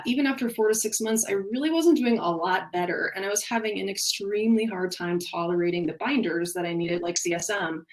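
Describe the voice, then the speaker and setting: Woman talking thru a webinar, kinda low and gravelly, earnest and personal. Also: rough recording. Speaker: functional nutrition practitioner giving a webinar. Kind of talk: recorded webinar talk.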